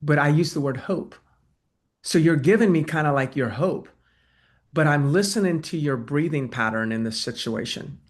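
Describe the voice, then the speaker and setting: A man's voice: fairly high pitch, normal speed. A man coaching real estate agents in a webinar, talking conversationally and acting out sales calls. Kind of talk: webinar presentation and Q&A.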